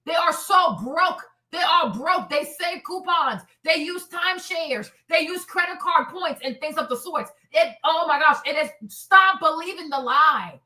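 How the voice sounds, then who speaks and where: A woman's voice: extremely high pitch, lively intonation, a little slow, few pauses, pushed and bright, echoey room. A woman hosting a live stream, ranting in a heated, profane, repetitive way. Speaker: streamer host.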